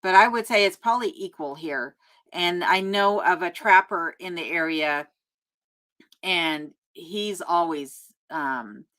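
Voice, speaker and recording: A chatty woman hosts a live stream from her remote home, reading out viewer comments and answering them one by one. Her voice sits a little low, and she talks casually with plenty of ums and small laughs. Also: a bit bright. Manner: chatty and friendly, laughs often, many ums. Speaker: YouTube host answering live chat.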